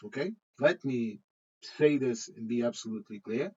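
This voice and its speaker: A man's voice: medium pitch, expressive, normal speed, slightly rough, dull audio. A man hosting his own channel, ranting casually to camera with frequent restarts and chuckles. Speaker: channel host. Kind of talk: casual opinion rant to camera.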